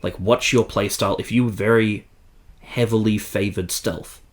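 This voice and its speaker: A man's voice: on the low side, steady tone, moderate pace. A young man co-hosting a casual podcast chat, with wry joking asides. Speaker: podcast co-host.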